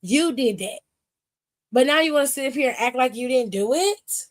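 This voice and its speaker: A woman's voice: high-pitched, lively intonation, normal speed. A woman hosting a wrestling aftershow, recapping in blunt, profane casual talk with heated sassy asides. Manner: blunt and profane, retells scenes by acting out both sides; sassy, heated asides to the people she talks about. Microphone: streaming setup.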